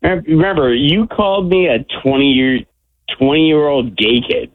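A man's voice: a little high, unhurried, dry recording. A man in his forties calling in to a radio show, mumbling and defensive. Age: 40s. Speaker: caller. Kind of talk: phone-in call. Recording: dull lo-fi phone line.

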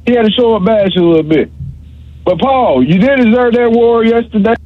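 Man calling in, very high pitched, husky, teasing banter, muffled phone sound. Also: brisk, slight background noise. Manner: joking, teasing trash talk. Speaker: caller. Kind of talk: call-in radio banter. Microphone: phone line. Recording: dull phone line.

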